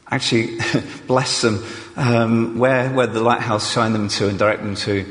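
A man's voice: mid-range voice, little pitch movement, unhurried, few pauses, a bit bright. A man preaching an evening sermon in a chatty, self-deprecating way, with many fillers. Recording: long hall reverb.

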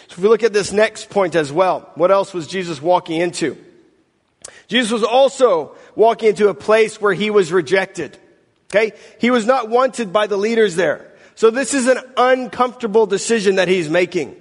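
A man reading scripture aloud and then preaching a sermon in a conversational way, with casual self-deprecating asides. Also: sits high. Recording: long hall reverb.

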